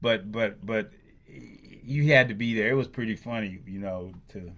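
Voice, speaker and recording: An older man hosting a casual interview, teasing his guest and breaking in with quick comments. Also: on the low side, a bit bright. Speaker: host.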